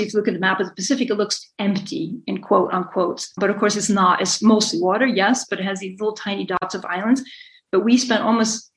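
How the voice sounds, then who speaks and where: A woman's voice: medium pitch, creaky, rough recording. A middle-aged woman being interviewed, talking at length in a rambling, self-correcting way with frequent small laughs. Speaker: guest, sailor and author. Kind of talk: conversational interview.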